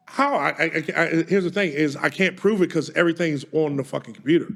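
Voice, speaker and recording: A podcast co-host with a slightly high, creaky, somewhat bright voice talks at a quick pace. He tells stories in casual chat, swearing often and speaking emphatically.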